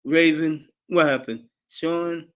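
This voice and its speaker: A man's voice: a little high, fairly even intonation, takes it slowly, clean tone. A man hosting a live sports talk stream, brash and profane, calling out chat viewers by name. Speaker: sports talk show host.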